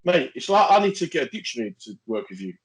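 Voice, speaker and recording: A man's voice: a little high, fast, poor audio. A man telling stories in a casual, jokey podcast chat. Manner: animated, jokey, laughs often. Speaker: podcast co-host.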